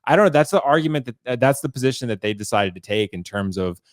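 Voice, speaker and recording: A man's voice: medium pitch, animated, fast, no room sound, clean studio sound. A man hosting a collecting podcast, talking agreeably and hedging as he thinks aloud. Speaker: podcast host, toy reviewer. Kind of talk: casual podcast chat.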